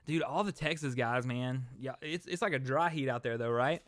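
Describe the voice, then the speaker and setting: A man's voice: mid-range voice, moderate pace, few pauses, a bit bright, no room sound. A young man hosting a casual livestream, chatting and rambling to his viewers. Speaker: host.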